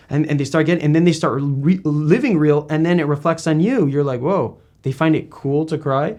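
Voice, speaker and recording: A man's voice: a little high, a little mellow. A man interviewing a guest in a casual talk, rambling and emphatic with many restarts.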